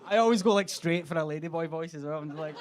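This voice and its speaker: A man performs stand-up on a comedy club stage in a fairly high voice. He swears freely and keeps jumping into quick impressions of the people in his stories. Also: a little hiss or hum. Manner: swearing, quick act-outs of other voices.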